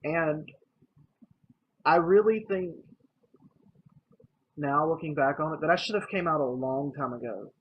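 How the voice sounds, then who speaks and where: A man's voice: a little high, a little slow, pauses often, slightly rough. A young man vlogging about his own life in a casual, earnest and emotional way, speaking plainly to the camera. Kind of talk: personal storytelling to camera. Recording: slightly dull lo-fi recording with faint noise.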